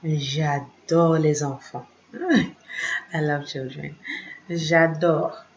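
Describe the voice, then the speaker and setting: A woman teacher talks slowly and patiently through a lesson, repeating each drill and cheering her students on. Her voice sits a little low. The sound is dull and lo-fi. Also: fairly even intonation, slight background noise. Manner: patient, repeats conjugations, sudden laughs, encouraging. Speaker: French teacher.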